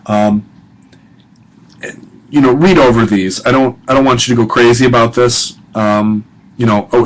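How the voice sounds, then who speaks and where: A middle-aged male professor talks students through grammar in a relaxed recorded lecture. His voice sits at an ordinary mid pitch, and he speaks informally, with many fillers and restarts. He slows down and stretches out each example word. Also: poor audio. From United States.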